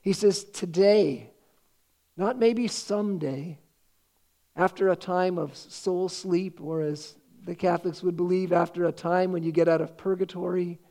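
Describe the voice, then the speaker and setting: A man's voice: high voice, dark tone. A man preaching a sermon, earnest and quoting scripture with rising emphasis. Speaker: pastor.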